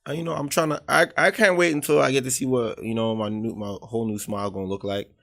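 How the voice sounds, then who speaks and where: A young man co-hosting a podcast in casual chat, laid-back but quick to protest. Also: fairly even intonation, creaky, fairly bright tone. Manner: laid-back, protests with rising pitch, repeats "hold on". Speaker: podcast co-host.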